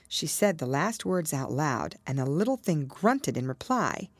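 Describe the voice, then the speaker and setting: A woman reading a storybook aloud in an expressive, measured way. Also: low-pitched, husky, no echo. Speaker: storybook reader. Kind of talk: storybook narration.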